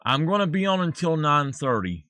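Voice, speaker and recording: A man's voice: a little high, big pitch swings, moderate pace, sharp tone, no room sound, studio quality. A man with a Southern US accent, chatting casually while streaming a game and laughing at his own jokes. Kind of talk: casual live-stream chat.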